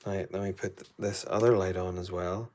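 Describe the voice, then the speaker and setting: A man's voice: low voice, fairly even intonation, normal speed, a little mellow, slight background noise. A man with a Northern Irish accent, chatting casually as he runs a live painting demo and greets viewers by name. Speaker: art tutor streaming live.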